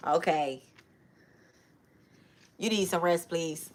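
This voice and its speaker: Chatty woman hosting a live stream, low but bright voice. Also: a little slow. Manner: chatty, loose and informal, addresses viewers as y'all. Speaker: spiritual reader and live-stream host. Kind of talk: casual live-stream chat.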